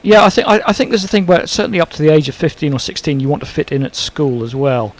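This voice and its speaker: A man's voice: on the high side, quick pace. A man co-commentating on cricket in a casual, bantering chat.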